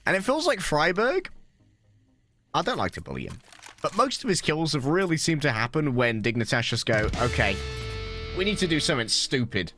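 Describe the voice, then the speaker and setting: A man casting a live esports match, jokey and excitable, dropping low for quiet moments and rising high on big plays. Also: moderate pace, faint music behind. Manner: excitable, jokey, swings from low murmurs to high hype calls. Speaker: esports caster. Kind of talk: live esports play-by-play commentary.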